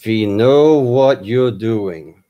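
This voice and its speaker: A man quoting a stern, deep-voiced male agent on the phone, in a slow, flat, deliberate delivery. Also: lo-fi sound.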